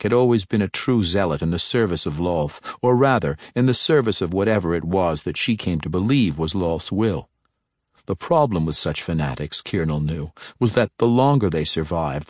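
A man narrating a dark fantasy novel in a steady, measured storytelling manner. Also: low voice, no room sound, studio quality. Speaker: audiobook narrator.

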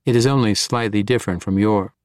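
A man's voice: lowish voice, fairly even intonation, brisk, darkish tone, no echo, studio quality, far from the mic, natural voice. A man doing a blunt woman priestess. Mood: direct.

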